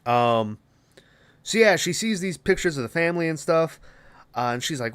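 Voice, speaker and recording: Smooth-voiced man rambling through a movie recap. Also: mid-range voice, expressive, a little fast, a bit bright. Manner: rambling, profane, lots of fillers. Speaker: podcast host.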